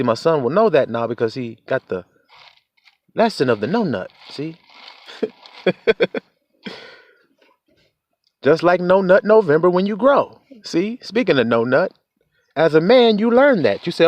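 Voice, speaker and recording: A young man talks in a lively, swooping voice that sits a little high. He preaches life advice between frequent laughs and swear words. The recording is dry and slightly dull. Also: no room sound. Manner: laughs often, swears, acts out quotes in a higher voice. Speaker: vlogger giving life advice. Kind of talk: casual preachy monologue.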